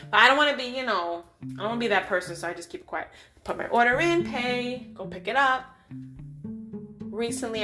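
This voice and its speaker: A woman vlogger telling an everyday story in a casual, emphatic way and acting out the voices she quotes. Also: mid-range voice. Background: guitar music.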